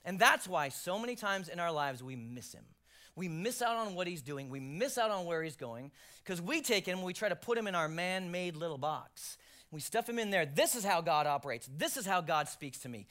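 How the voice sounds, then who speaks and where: A male pastor preaching a sermon, swinging from loud emphasis to hushed near-whispers, with jokey self-deprecating asides. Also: high-pitched, lively intonation, moderate pace.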